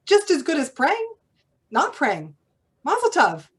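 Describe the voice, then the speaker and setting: A woman's voice: slow pace, exaggerated voice. A woman voicing an elderly male Hasidic rabbi who reassures his brother with exuberant cheer. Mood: joyful reassurance. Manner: exuberant, high and excited.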